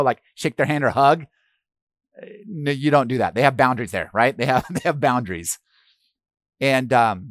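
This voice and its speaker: A man gives a sermon in a loose, talky way, full of fillers and restarts. His voice sits at a mid pitch, and the close mic gives a dry sound. He drops to a hush for the gentle lines and pushes louder on his main points. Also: no room sound. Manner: conversational, with fillers and repeated words. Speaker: pastor. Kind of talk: sermon with a personal story.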